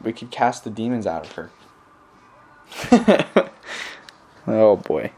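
A man's voice: fairly low pitch, big pitch swings, takes it slowly, mellow, a little hiss or hum. A young man, a missionary, telling stories in a casual recorded message to his family, rambling with many fillers. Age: young adult.

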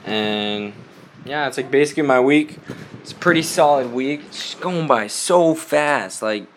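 A young man talks through his week in a loose, rambling way, dropping "like" into nearly every phrase and laughing often. His voice sounds a little stuffy from a cold, with a medium pitch. Faint noise sits under the recording. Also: measured pace. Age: young adult. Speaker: missionary. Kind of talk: casual spoken update to family.

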